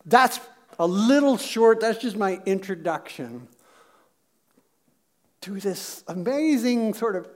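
A male pastor preaching a sermon in a casual, jokey way, full of filler words and asides. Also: fairly high pitch.

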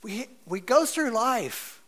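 A man preaching a sermon in a conversational, animated way, with many fillers and playful asides. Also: extremely high pitch, takes it slowly. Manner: playfully acts out quoted voices. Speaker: pastor.

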